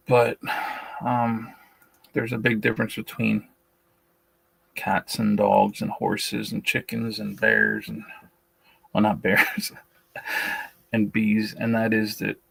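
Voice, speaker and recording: A low-voiced man with a gravelly edge talks bluntly, often restarting his sentences. His voice is a little shaky. The recording is dry and close, with no room sound. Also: fairly bright tone, no room sound, low-quality recording. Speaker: beekeeping channel host. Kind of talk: casual livestream talk, reading and answering a list.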